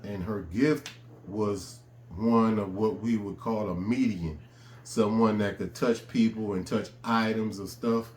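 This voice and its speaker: Low-voiced man telling a story, roomy sound. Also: a little slow, a little hiss or hum. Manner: relaxed, conversational, frequent fillers. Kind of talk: casual personal storytelling. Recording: roomy echo with faint ambience.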